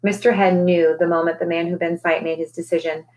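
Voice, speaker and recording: A woman, a teacher, reading a children's novel aloud with expressive, dramatic storytelling. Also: on the low side, brisk, poor audio. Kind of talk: read-aloud storybook narration.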